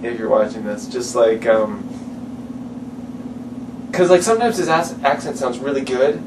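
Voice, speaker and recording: A man's voice: mid-range voice, lively intonation, unhurried, reverberant. A man who co-created a fan film, chatting loosely and jokily with lots of filler words. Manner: loose and joking, many fillers like "like". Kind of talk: casual chat. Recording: distant mic with air-conditioner hum.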